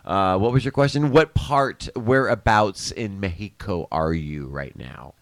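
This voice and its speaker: A man's voice: lowish voice, unhurried, dry recording. A middle-aged man hosting a livestream from a studio, chatting casually and laughing often, with some swearing. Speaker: livestream host. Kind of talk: casual chat.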